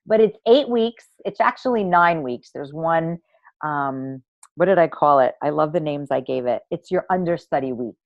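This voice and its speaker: A woman leads an online masterclass for women with a theatrical, gushing delivery and casual swearing. Her pitch leaps and dips with lots of movement. The audio is dry and a little dull, like a basic computer mic. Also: animated, moderate pace, no room sound. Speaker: online workshop host and women's coach. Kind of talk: live online masterclass talk.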